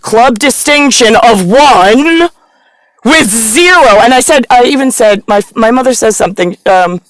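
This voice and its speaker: A woman vlogger telling a rambling, profane personal story, at times breaking into loud rants. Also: on the high side, lively intonation, unhurried, no room sound, rough recording.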